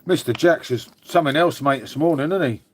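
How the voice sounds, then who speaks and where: An English man hosts a casual live stream from home, rambling chattily, swearing now and again, and replying to his chat. His voice runs on the high side, brisk, with a breathy edge.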